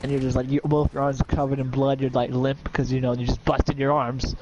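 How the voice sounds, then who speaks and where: A man narrating as game master, telling the action in an excitable, profane way with shouted sound effects. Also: mid-range voice, a little fast, dull audio, background noise.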